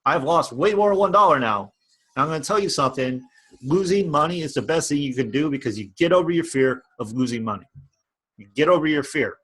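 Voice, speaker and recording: Fired-up male vlogger, husky and a little high, preaching and repeating himself. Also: lively intonation, a little fast, a bit bright. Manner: passionate, repetitive, preachy. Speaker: online business vlogger. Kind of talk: motivational rant to camera.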